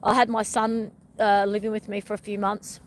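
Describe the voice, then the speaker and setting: Middle-aged woman, live-stream vlogger, chatty and meandering, mid-pitched voice, faint noise behind. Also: flat delivery, normal speed. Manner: chatty and meandering, often addresses viewers as everyone. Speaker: wellness vlogger. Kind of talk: rambling live-stream chat.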